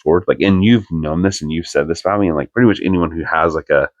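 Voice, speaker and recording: A young man with a very low voice talks casually as a podcast co-host. He tells his story earnestly, wandering through sentences packed with "like". The sound is dry and close, with no room around it. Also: fast, no room sound, lo-fi sound. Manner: rambling, full of "like" fillers, earnest.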